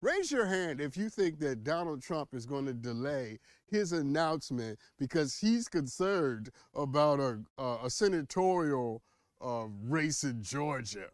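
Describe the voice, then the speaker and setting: A man hosting an opinionated news commentary show, teasing and animated, full of rhetorical questions and playful asides. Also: a little high, unhurried, no room sound, clean studio sound.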